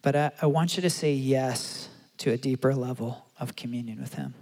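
A man preaching a sermon and telling a story, acting out the quotes with animated delivery. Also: medium pitch, moderate pace. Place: large church hall. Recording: long hall reverb.

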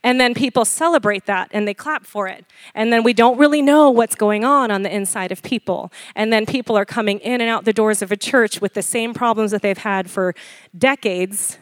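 A woman giving a casual, animated sermon as a preacher, acting out quoted lines and often asking the congregation "Amen?". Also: on the high side, moderate pace, dry recording. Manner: frequent light laughter and call-and-response "Amen?". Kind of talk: conversational sermon.

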